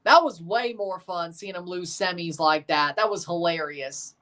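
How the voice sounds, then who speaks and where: A man's voice: high-pitched, unhurried, pushed and bright. A man streaming casual, opinionated commentary as he watches a football match and talks to his viewers.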